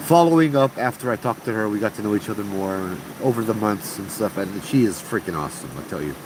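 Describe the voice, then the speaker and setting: A man's voice: fairly low pitch, fast talker. A man from Hawaii with a Hawaiian Pidgin accent, telling ghost stories in a chatty, slangy way to a group outdoors at camp. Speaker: ghost storyteller. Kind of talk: casual ghost storytelling to a group. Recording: steady background noise hum.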